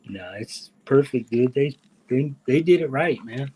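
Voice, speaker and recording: A man joining a livestream as a guest, talking in a relaxed, agreeable, casual way. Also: medium pitch, measured pace, slight background noise, poor audio. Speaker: guest on the stream. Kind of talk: casual chat.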